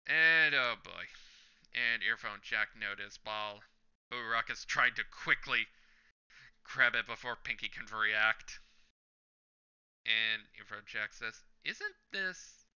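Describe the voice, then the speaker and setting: A man's voice: lowish voice, slow pace, pauses often, smooth, dull audio. A man hosting a reaction channel, reading a manga chapter aloud panel by panel with his own commentary and chuckling at the jokes. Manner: narrates panel by panel, reading lines out loud.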